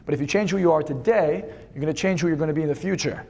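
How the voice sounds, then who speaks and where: A man leading a live seminar, energetic and fast, swearing freely as he instructs the room. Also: on the high side. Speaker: seminar speaker.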